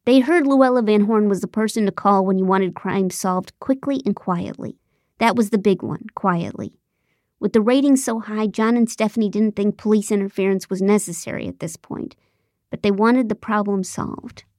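A woman narrating a comic mystery audiobook in the first person, with a wry, deadpan, sarcastic delivery. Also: medium pitch, moderate pace, no echo, studio quality.

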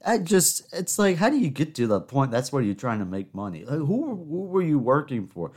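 A man's voice: fairly high pitch, big pitch swings, moderate pace, darkish tone, husky. A man in his twenties hosting a solo podcast, rambling and self-mocking, rising into exasperated rants. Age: 20s. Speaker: podcast host. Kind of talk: casual solo podcast monologue.

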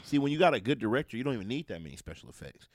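A man's voice: mid-range voice, sing-song, racing, a little mellow, no echo, clean studio sound. A man co-hosting a podcast, chatting casually about movies, rambling and swearing as he hunts for names. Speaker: podcast co-host.

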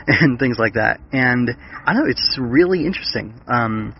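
A man's voice: mid-range voice, lively intonation, normal speed, gravelly, highs cut off, slight background noise. A man hosting a podcast, chatting casually about a book with many fillers and restarts. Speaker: podcast host.

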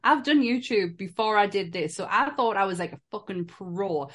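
A woman's voice: medium pitch, animated, normal speed. A woman co-hosting a casual group chat, chatty and swearing, often laughing. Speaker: co-host.

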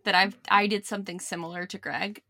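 A woman with a bright, forward voice co-hosts a casual podcast chat. She tells loose, rambling anecdotes and laughs often. The sound is dry and close, with no room reverb. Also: mid-range voice, steady tone, brisk, vocal fry. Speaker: podcast co-host.

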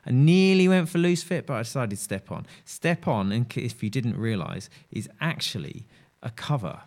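A man's voice: medium pitch, expressive, moderate pace, a little mellow. A man hosting a music radio show, talking in a chatty, rambling and enthusiastic way. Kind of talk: casual radio DJ chat.

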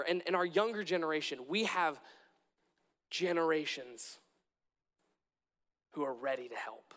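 Young male preacher, high-pitched, earnest and repetitive, large reverberant hall. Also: a bit bright. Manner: earnest, repetitive, with frequent restarts. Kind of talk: sermon.

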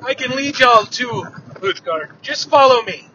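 A man's voice: extremely high pitch, animated, unhurried, sharp tone, pitched above the performer's own voice, exaggerated voice. A man putting on an easygoing, chatty giant. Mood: breezy. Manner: breezy, unbothered, chatty. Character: huge friendly easygoing male giant. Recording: dull lo-fi with faint noise.

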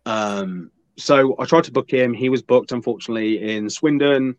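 A man's voice: mid-range voice, moderate pace, hardly any pauses, no room sound. Guy rambling thru a sweary story, dull lo-fi sound, dry. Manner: profane, rambling anecdotes with acted quotes. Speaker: podcast guest. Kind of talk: casual storytelling.

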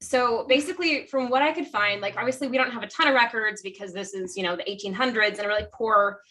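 A woman's voice: on the high side, quick pace, pushed and bright, far from the mic. A woman co-hosting a podcast in casual chat, presenting her research in a rambling, chatty way with frequent self-corrections.

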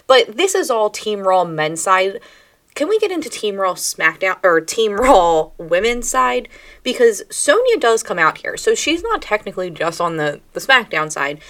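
A woman co-hosting a wrestling podcast, recapping the show in a blunt, animated, casual chat with occasional swearing. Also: medium pitch.

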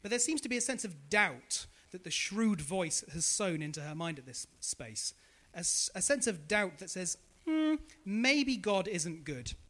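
A male preacher giving a sermon in a high, bright voice that swoops all over as he talks. He keeps putting questions to the congregation and echoing back their answers. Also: expressive, normal speed.

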